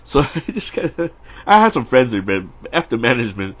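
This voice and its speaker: A man's voice: medium pitch, sing-song, a little fast. A middle-aged man, a storyboard artist, chatting casually and rambling while he draws on a live stream, with frequent restarts and laughs.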